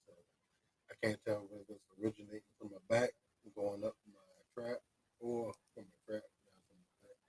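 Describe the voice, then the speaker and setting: A man's voice: fairly low pitch, little pitch movement, moderate pace, darkish tone, breathy edge, rough recording. A man chatting casually on a homestead livestream in a laid-back way. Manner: laid-back, laughs along.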